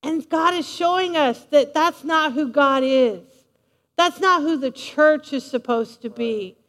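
A woman preacher giving a lively, playful sermon, speaking straight to her congregation in a large church hall. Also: high voice, unhurried. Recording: long reverb of a large hall.

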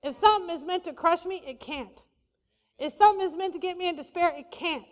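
A woman pastor preaching a sermon, lively and conversational, with playful asides to the congregation. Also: very high voice, fairly quick. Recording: long hall reverb.

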